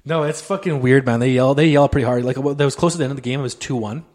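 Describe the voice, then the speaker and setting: A man's voice: medium pitch, fairly even intonation, fast talker, darkish tone. A man co-hosting a casual podcast, rambling in an easygoing way and swearing now and then. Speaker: podcast co-host. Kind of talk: casual chat.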